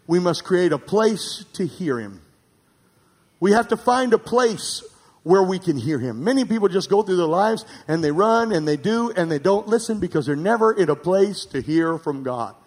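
A high-pitched male pastor delivers a sermon with fervor. He climbs to emphatic, almost shouted peaks, then drops to hushed asides, and he calls out for amens from the congregation. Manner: rising to emphatic, near-shouting peaks and dropping to quiet asides.

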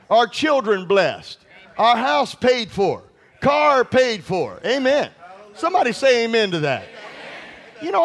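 A man preaching a sermon, repeating phrases, calling for responses and shouting the key lines. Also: very high-pitched. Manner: call-and-response, repetitive and emphatic, shouts at peaks.

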